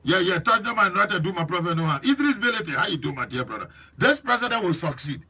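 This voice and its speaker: Husky, high-voiced Liberian man hosting. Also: fast talker. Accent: Liberian English. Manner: lively and preachy, teasing viewers by name. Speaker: host. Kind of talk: live-stream chat greeting viewers.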